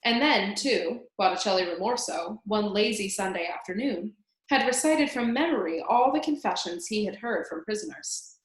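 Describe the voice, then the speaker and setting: A woman reading a children's novel aloud in an expressive way, speaking directly to the listener as "reader". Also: mid-range voice, moderate pace. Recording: roomy echo.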